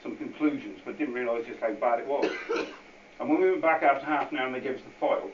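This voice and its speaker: At a quick pace and in a mid-range voice, a man gives an informal guest talk to a public meeting, unscripted. Repetition, rambling and many asides mark his speech. It was recorded in a meeting hall with an audience, sounding echoey, dull and distant, with a faint hiss.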